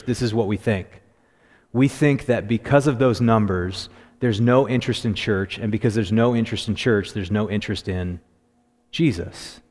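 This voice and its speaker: A man preaching a sermon as a pastor, telling stories in a conversational way that turns lively when he quotes others. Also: lowish voice, in a large hall. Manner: conversational storytelling, animated when quoting. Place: church sanctuary.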